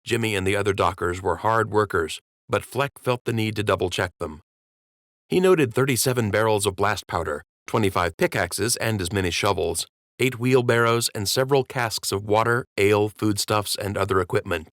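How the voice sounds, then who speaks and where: A man reading an audiobook as narrator in measured, even storytelling. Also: lowish voice, no echo, clean studio sound. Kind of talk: scripted narration.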